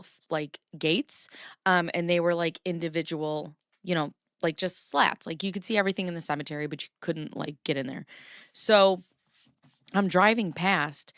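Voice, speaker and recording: Chatty, profane woman with a smooth, low voice. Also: a bit bright, no echo, studio quality. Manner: chatty and profane, laughs often, rambling storytelling. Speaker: live-streaming commentary host. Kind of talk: casual live reaction chat.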